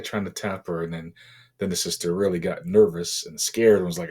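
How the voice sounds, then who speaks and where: A middle-aged man from Boston, a podcast guest, telling a painful personal story in a halting, emotional way with many fillers. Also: low voice, fairly even intonation, darkish tone, slightly rough. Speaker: interview guest.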